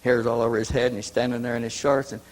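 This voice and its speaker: At a conference hall, a man with a mid-range voice tells a long personal anecdote in a rambling, fast, flat delivery, restarting sentences and repeating words. The recording quality is low.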